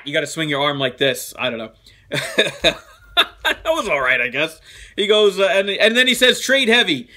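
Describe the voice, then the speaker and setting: Man, show host, high bright voice, lively swinging pitch, casual fan-mail chat, laughs a lot. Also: moderate pace. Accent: New Jersey. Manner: animated, laughing, chatty with asides.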